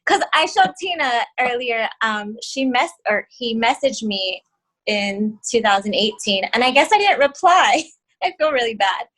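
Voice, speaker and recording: A woman's voice: on the high side, fairly bright tone, poor audio. A shy, giggly woman from Hawaii, a guest in a casual chat.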